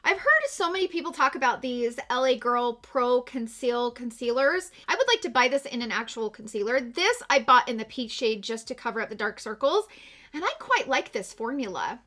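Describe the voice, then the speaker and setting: A woman's voice: on the high side, big pitch swings, normal speed, bright, forceful tone. A middle-aged woman chatting heartfelt with her viewers while doing her makeup, tearful after a morning of crying. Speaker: beauty vlogger. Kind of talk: casual get-ready-with-me chat.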